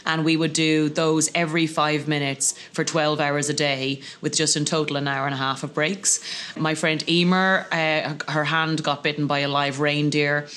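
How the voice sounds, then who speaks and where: Comedienne in her thirties, bright and sharp, spinning animated stories with put-on voices. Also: sits low, moderate pace. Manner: lively comic storytelling with voices. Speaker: comedian guest. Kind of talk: anecdotal storytelling over lunch.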